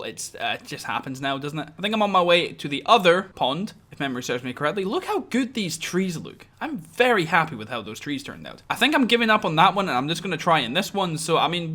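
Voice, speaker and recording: Young man, bright lively voice, self-mocking game commentary. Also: a little high. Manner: self-mocking, animated, rambling. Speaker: gaming channel host. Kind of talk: post-recorded gameplay commentary.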